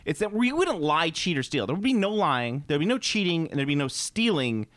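A man co-hosting a casual podcast, talking in an animated, rambling way with some swearing. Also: fairly high pitch, brisk, no echo. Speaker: co-host.

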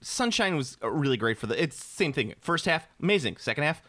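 A man's voice: on the high side, sing-song, fast talker, a bit bright, dry recording. A man in casual chat, rambling and opinionated, often restarting his sentences.

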